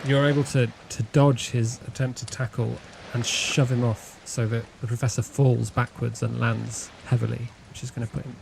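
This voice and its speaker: A man narrating as game master of a tabletop horror game, in a measured, hesitant way. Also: medium pitch, flat delivery, vocal fry, noisy background.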